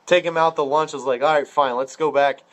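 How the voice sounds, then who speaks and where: Guy from ohio rambling thru a story, cussing a lot, kinda high voice, acts out all the quotes. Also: fairly even intonation, quick pace, a bit bright. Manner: rambling, profane storyteller full of filler words; acts out quoted dialogue with jumps in pitch. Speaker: podcast guest storyteller. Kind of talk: casual chat.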